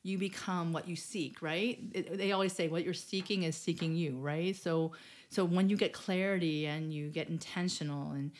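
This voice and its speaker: A woman who is a life coach and author, speaking as a guest in a casual podcast interview, reflective and animated, with frequent fillers and restarts. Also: fairly low pitch, normal speed.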